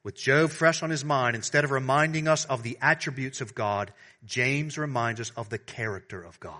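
A male pastor preaching a sermon, alternating between fervent, raised declarations and soft, hushed appeals to his congregation. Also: medium pitch, moderate pace. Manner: swings from loud preaching to hushed tenderness; addresses the congregation as beloved.

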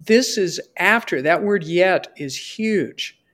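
A woman's voice: on the low side, lively intonation, slow, a bit bright. A middle-aged woman, a podcast guest, giving an earnest faith testimony and acting out her prayers as she tells it. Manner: earnest storyteller who acts out her prayers and dialogue.

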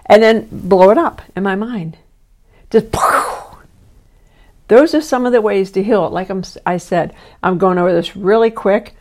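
A woman in her sixties hosts a self-help podcast, speaking straight to the listener. Her voice sits at an ordinary middle pitch, and her delivery is earnest and instructive, like a coach giving homework. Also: normal speed, hardly any pauses, a little mellow. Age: 60s. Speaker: podcast host and life coach.

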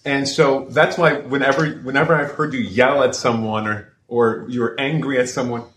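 A man hosting a casual interview, asking questions haltingly with many restarts, recorded in an echoey room. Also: medium pitch, fairly even intonation, a bit bright. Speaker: podcast host. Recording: echoey room with faint noise.

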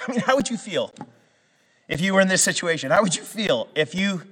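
A man's voice: sits high, lively intonation, brisk, a bit bright, in a large hall, a little hiss or hum. A man from western Canada preaching a sermon in a conversational way, with restarts and fillers that build to emphatic peaks. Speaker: pastor.

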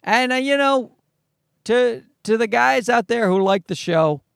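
A man's voice: extremely high pitch, lively intonation, unhurried, gravelly, a bit bright, clean tone, dry recording, studio quality. A man ranting as a podcast host, profane, sarcastic and exasperated as he picks something apart. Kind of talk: ranting commentary.

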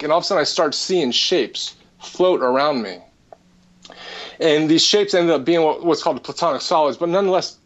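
Man, spiritual healer, halting earnest testimony, slightly raised pitch, dull lo-fi sound. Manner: earnest, halting, with many restarts. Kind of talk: personal testimony.

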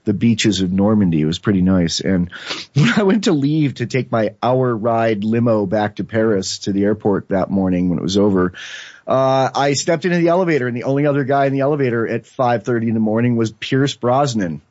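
A man's voice: mid-range voice, brisk, no room sound. A man, a filmmaker and podcast guest, telling a rambling story in casual chat and acting out quotes. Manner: rambling, animated, acts out quotes. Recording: dull lo-fi sound, dry.

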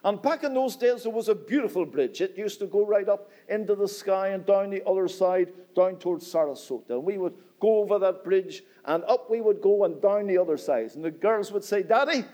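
Man, Northern Irish accent, middle-aged, high-pitched, visiting preacher, swelling and falling sermon cadence. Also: brisk, hardly any pauses, mellow. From Northern Ireland. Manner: rising and falling preaching cadence, repeats "my friend". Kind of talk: evening church sermon.

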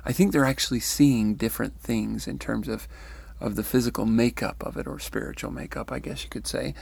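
Male commentator, very gravelly and husky, reflective, pausing often, close and dry. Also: medium pitch, steady tone, a little mellow, no echo. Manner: thoughtful, musing, with pauses and restarts. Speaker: commentator reading and discussing near-death accounts. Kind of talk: reflective spoken commentary with read-out quotes.

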